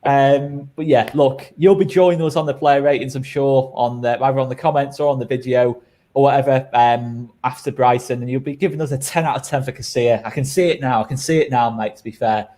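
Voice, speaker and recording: A man's voice: medium pitch, steady tone, a little fast, warm tone. A man hosting a casual football fan chat, bantering and laughing in an exasperated way. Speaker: host.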